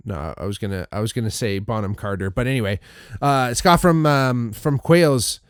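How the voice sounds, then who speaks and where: A man's voice: mid-range voice, normal speed, clean tone, dry recording, clean studio sound. A male podcast host casually recounting a festival weekend, rambling with frequent restarts, fillers and swearing. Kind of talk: casual solo recap.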